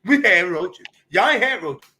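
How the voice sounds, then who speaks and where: A man in his fifties from Chicago, telling his life story on a podcast in an animated, profane, emphatic way. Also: sits high, measured pace, a little hiss or hum. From Chicago, United States. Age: 50s. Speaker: comedian guest. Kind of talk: candid storytelling.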